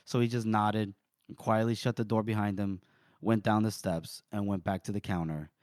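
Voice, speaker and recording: A man co-hosting a podcast, recapping a book chapter in an animated way and laughing often. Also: lowish voice, moderate pace, no room sound, clean studio sound. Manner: animated retelling with frequent laughs. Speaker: podcast co-host.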